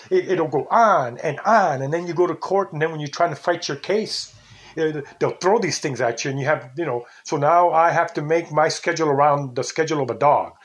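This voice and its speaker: An older man hosting a casual talk show, rambling and indignant, sometimes imitating how people say things. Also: a little high. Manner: rambling, indignant, mimics intonations. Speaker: podcast host.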